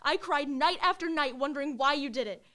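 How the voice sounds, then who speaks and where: A woman's voice: sits high, fairly quick, bright, forceful tone. A young actress playing a hurt girlfriend breaking up. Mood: reproachful. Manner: hurt, reproachful, firm. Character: young woman, hurt girlfriend ending a relationship. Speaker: stage actor in a play reading. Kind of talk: live new-play reading.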